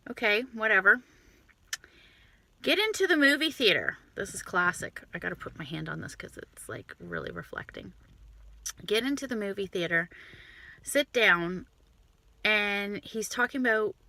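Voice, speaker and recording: Animated, swearing woman telling a story in a car. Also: mid-range voice. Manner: animated, profane, quick asides. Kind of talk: casual storytelling. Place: inside a parked car.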